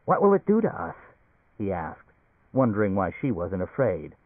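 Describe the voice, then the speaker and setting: Gruff, impatient stranded businessman, male reader, storybook, phone-thin. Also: on the low side, wildly swooping pitch, moderate pace, dry recording. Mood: panicked. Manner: gruff, irritable, urgent. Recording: tinny phone-like recording.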